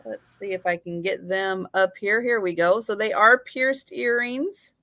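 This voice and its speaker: A woman's voice: mid-range voice, unhurried, fairly bright tone, no room sound. A woman hosting a live vintage sale, describing items carefully and greeting viewers by name in a casual chat.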